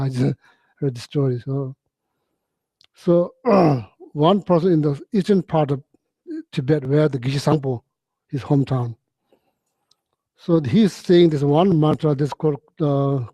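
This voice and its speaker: Mellow-voiced man telling teaching stories. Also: a little high, dry recording. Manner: halting, repetitive phrasing with frequent "you know"; clears throat often. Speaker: Buddhist teacher. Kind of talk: storytelling dharma talk.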